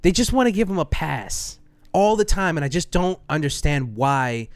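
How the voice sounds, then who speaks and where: A man co-hosting a podcast in casual chat, animated and laughing often, his voice leaping up when he gets indignant. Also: on the high side, moderate pace, dry recording. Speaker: podcast co-host.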